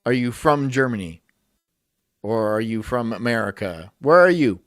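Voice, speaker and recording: A man's voice: mid-range voice, lively intonation, normal speed, a bit bright, no echo, clean studio sound. A man hosting a live stream, rambling crudely, swearing and reading chat aloud while drinking shots.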